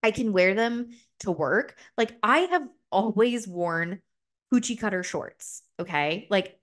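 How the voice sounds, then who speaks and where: A woman's voice: medium pitch, animated, slow pace, a bit bright. A young adult woman hosting a podcast in a casual, candid solo chat, full of "like" fillers and the occasional swear word. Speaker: podcast host.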